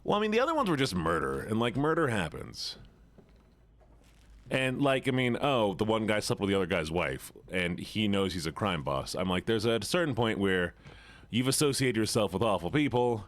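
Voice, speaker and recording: A male streamer chatting casually while he plays, thinking out loud and replying to his chat. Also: lowish voice, very animated, moderate pace, dry recording.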